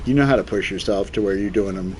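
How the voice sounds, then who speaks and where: A man's voice: lowish voice, quick pace, a little mellow, a little hiss or hum. A young man streaming a game, rambling through loose, profane stories in casual chat. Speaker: gaming streamer. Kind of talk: casual storytelling chat while gaming.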